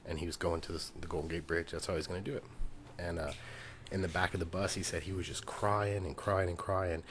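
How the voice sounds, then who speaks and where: A man's voice: deep voice, fairly even intonation, fast, slight background noise. A man co-hosting a faith podcast, earnestly retelling someone else's story at length in casual chat. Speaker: podcast co-host.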